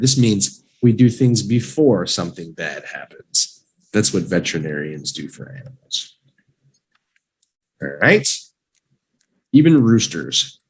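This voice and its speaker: A man teaching English vocabulary in a live online lesson, drilling each word slowly and cheering learners on playfully. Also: mid-range voice, husky, low-quality recording.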